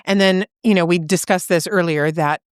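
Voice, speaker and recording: A woman podcast co-host who works as a therapist, explaining ideas in a relaxed, thoughtful way and checking in with "right?" and "you know?". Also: fairly low pitch, normal speed, clean tone, dry recording, studio quality. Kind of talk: casual faith podcast conversation.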